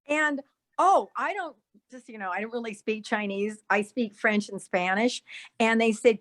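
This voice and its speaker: A woman with a slightly higher voice tells stories from her acting career in an easy, chatty way. She laughs often and drops into accents to act out the people she talks about. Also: unhurried. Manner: laughs often, mimics accents mid-story. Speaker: guest actress. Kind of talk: casual storytelling chat.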